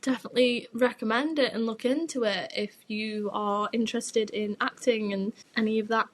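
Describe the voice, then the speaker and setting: A woman's voice: fairly high pitch, steady tone, moderate pace. A young woman, hosting her podcast and telling a gossipy story in a frank, sweary, chatty way. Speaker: podcast host.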